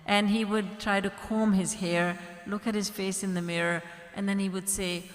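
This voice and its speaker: A woman's voice: medium pitch, flat delivery, normal speed. Woman giving a devotional talk in an echoey hall. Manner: gentle, devotional, quotes prayers in a soft pleading tone. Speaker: spiritual teacher. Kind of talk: devotional discourse. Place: large hall at a retreat. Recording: echoey hall with long reverb.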